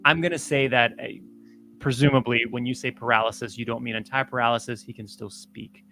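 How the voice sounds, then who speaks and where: A game master narrates a tabletop scene at a middling pitch. The delivery is halting, with frequent "um" and "uh" while each step is described. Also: fairly even intonation, sharp tone, soft background music.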